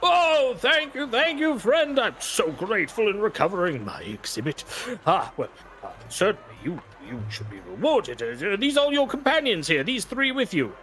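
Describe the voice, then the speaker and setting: A man's voice: sits high, very animated, normal speed, a bit bright, voice pushed up. A man voicing a fawning older male freak-show showman in a tabletop game, effusive and repeating his pleas.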